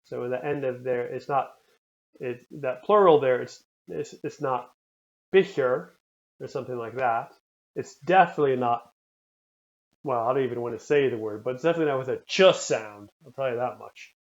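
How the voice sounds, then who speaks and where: A man teaching a recorded language lesson, repeating words slowly and carefully for the learner. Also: medium pitch, lo-fi sound. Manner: slow, careful pronunciation drills.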